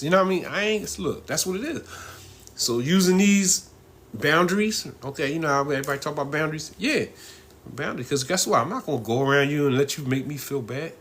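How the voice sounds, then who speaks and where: A middle-aged man chatting on his own live stream in a bright, forceful voice pitched a little high for a man. He rambles loosely, chuckles often and keeps checking in with his listeners. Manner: loose, rambling, laughs often, frequent "you know what I mean". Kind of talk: casual live-stream talk.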